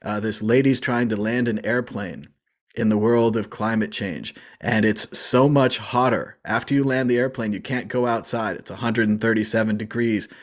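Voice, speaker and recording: A man's voice: on the low side, moderate pace. A man hosting a casual panel chat, wry and emphatic, repeating his points. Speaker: show host.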